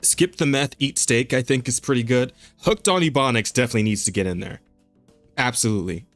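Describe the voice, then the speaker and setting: A man's voice: medium pitch, fairly quick, a bit bright, no echo. Male podcast co-host, casual and joking, trips over words, faint music underneath. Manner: loose, joking, laughs often, stumbles over words.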